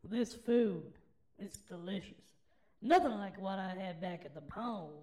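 A man doing a high crooning frog suitor. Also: a little slow, a little mellow. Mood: smug. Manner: crooning, flirty sweet-talk. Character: smarmy male frog suitor, smooth-talking. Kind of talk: comic storytelling with voices.

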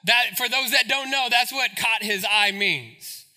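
A pastor preaching a sermon in an animated, joking, storytelling way. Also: male voice, extremely high pitch, measured pace.

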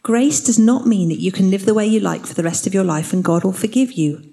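A woman's voice: medium pitch, brisk, gravelly, warm tone. A woman teaching the Bible in an earnest, explanatory way. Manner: earnest, explanatory, reads scripture aloud.

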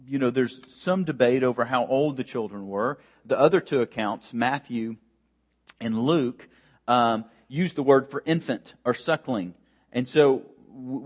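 Man preaching a casual sermon. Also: mid-range voice. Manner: conversational preaching with frequent fillers and restarts. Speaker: pastor.

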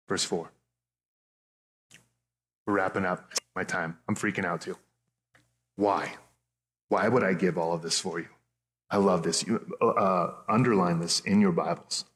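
A man in his thirties preaching a sermon as pastor, earnest and conversational, often restarting his phrases. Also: sits low. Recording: echoey hall with long reverb.

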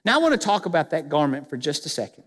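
Male pastor, high-pitched and emphatic, preaching with rhetorical questions in a church with a long reverb. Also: sing-song, quick pace, a bit bright. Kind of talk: sermon. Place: church sanctuary.

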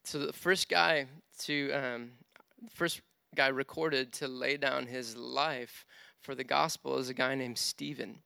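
A man preaching a sermon, telling a personal story with animated, self-deprecating humor. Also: medium pitch, slow pace, vocal fry, clean tone, no room sound, clean studio sound. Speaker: pastor.

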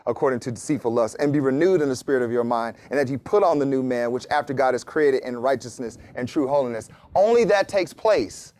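A man's voice: medium pitch, fairly quick, few pauses, a little mellow. A man preaching a casual sermon, reading scripture and joking with his congregation. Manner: casual, joking preaching with laughs and acted asides. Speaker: pastor.

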